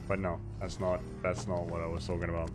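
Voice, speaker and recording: A man's voice: low-pitched, flat delivery, fast, music in the background. A man streaming a game, chatting casually, rambling and mocking himself while reading chat aloud into a desk microphone.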